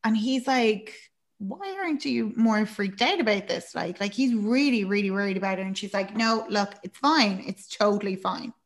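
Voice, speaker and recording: A chatty woman talks through a film's plot in a relaxed, casual way. She fills her recap with ums and likes, and she briefly acts out the characters' lines. Her voice sits at an ordinary middle pitch. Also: normal speed. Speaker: podcast co-host.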